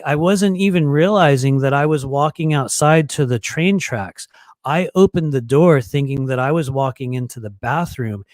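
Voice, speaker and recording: A man's voice: fairly high pitch, no echo. A man hosting a live stream, telling a long personal story in a rambling, casual way with many fillers. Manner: rambling, filler-heavy, animated quoting. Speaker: host of a live psychic stream. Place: home in Florida.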